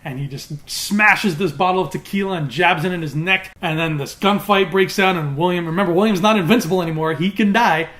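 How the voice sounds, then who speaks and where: A man talking casually as a TV reviewer, recapping in an animated way with quick acted quotes. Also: high-pitched.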